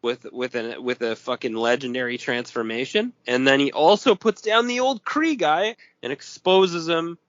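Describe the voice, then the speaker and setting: A man's voice: mid-range voice, moderate pace, hardly any pauses, dry recording, dull audio. A man co-hosting a podcast in casual chat, cursing often and laughing. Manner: profane, laughing, animated. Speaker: podcast co-host.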